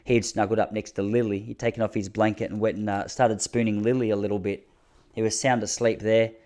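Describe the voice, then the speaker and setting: An Australian man in his thirties, hosting a podcast and telling rambling, self-mocking comic stories with quick asides. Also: on the low side, level tone, a little mellow. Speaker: podcast host. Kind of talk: comic storytelling monologue.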